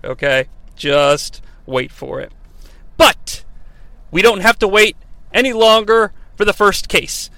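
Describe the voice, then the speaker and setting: Bright, high-voiced American man ranting. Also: no echo. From United States. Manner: profane, rambling, mock-formal. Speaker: host of a wrestling review show. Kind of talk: comedic review monologue.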